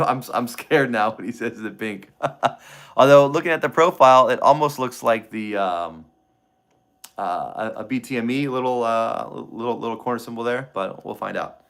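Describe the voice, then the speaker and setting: Guy thinking out loud on a stream, keeps restarting, reads bits of a book, chats w viewers. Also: mid-range voice. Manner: thinking aloud, reading chat, halting restarts. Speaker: treasure-hunt book streamer. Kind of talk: casual livestream chat reading a book aloud.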